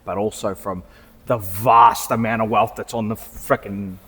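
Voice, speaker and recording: A man's voice: lowish voice, fairly even intonation, a little slow, fairly bright tone, husky. Man rambling in reverberant showroom. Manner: rambling, restarts often, swears casually. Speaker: car salesman and podcast co-host. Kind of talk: casual chat. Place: car showroom.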